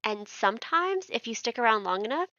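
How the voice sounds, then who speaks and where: A woman's voice: a little high, sing-song, a little fast, pushed and bright, dry recording, highs cut off. A woman co-hosting a storytelling podcast, chatting casually, bubbly and laughing often. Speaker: podcast co-host. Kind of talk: casual chat.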